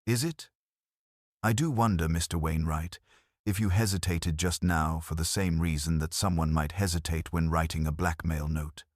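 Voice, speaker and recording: A man's voice: extremely low pitch, normal speed, no room sound, studio quality. A man voicing an elderly woman sleuth who speaks in a light, pleasant, conversational way. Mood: pleasant, probing. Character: elderly woman sleuth, gentle, shrewd, unruffled.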